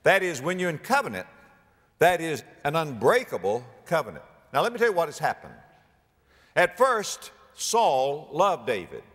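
Guy preaching a sermon, high voice swinging all over, dramatic, big echoey church hall. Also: moderate pace. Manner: dramatic, rising to near-shouts at climaxes; animated, acts out biblical speakers.

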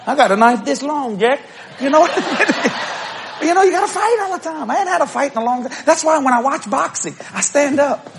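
A middle-aged man preaching a humorous storytelling sermon, acting out quotes and bursting into shouts and laughter. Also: extremely high pitch, fairly quick, creaky, slight background noise.

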